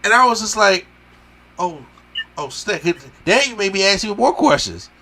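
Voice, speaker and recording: A man hosting a casual movie review podcast, talking excitedly and swearing as he acts out scenes. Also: high voice, moderate pace, slight background noise. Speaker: podcast host.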